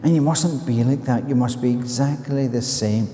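A man's voice: medium pitch, moderate pace, mellow. A man with a Northern Irish accent preaching a sermon in a church, earnest and full of storytelling, often restarting his sentences. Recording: echoey church reverb.

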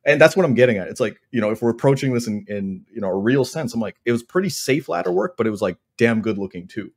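A man's voice: mid-range voice, animated, breathy edge. A man co-hosting a wrestling podcast, joking and rambling in casual chat. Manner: joking, rambling, fast bursts. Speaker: podcast co-host.

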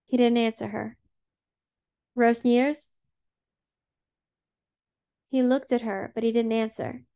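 A woman narrating an audiobook in a measured, plain reading. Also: fairly high pitch, fairly even intonation, creaky, warm tone, clean tone.

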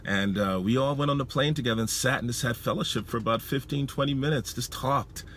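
A man preaching, telling a personal story in an emotional, halting way, often repeating his words. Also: medium pitch, fairly bright tone, slight background noise. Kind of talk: sermon storytelling.

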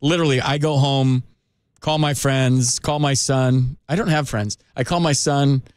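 A man hosting a sports radio call-in show, talking loosely and chattily with quick restarts, on a studio microphone. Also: mid-range voice, fairly even intonation, clean tone, dry recording. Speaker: radio sports talk host. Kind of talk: casual radio chat.

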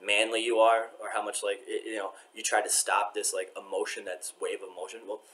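A man's voice: lowish voice, flat delivery, fairly quick, a bit bright. A man talking to his camera while waiting in a courthouse, rambling with many restarts and often trailing off to a mutter. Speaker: vlogger. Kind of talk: rambling vlog monologue.

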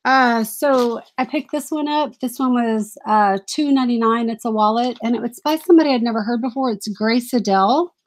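A woman's voice: fairly high pitch, moderate pace, few pauses. Chatty woman hosting a live stream. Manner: chatty, apologetic, laughs often, reads viewer comments aloud. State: briefly out of breath. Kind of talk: casual live-stream chat.

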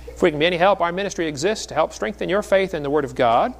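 A man's voice: high voice, lively intonation, very fast. A middle-aged man preaching a sermon in a folksy storytelling way, with jokes between the stories. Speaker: creationist speaker.

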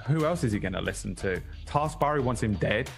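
Man, tabletop player, casual chat, rambling, swears, mid-pitched voice. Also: lively intonation, fairly quick, creaky, soft background music. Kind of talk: casual actual-play chat.

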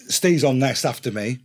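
A man's voice: medium pitch, breathy edge. A man with an English accent, a podcast guest telling a rowdy story in casual chat, swearing and laughing as he goes. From England. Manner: profane, laughing, animated retelling.

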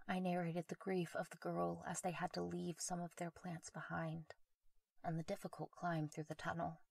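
A woman with a fairly low voice narrates a horror story in a measured, quiet, intimate manner. She is recorded on a close mic, and the sound is dry and free of room echo. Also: vocal fry.

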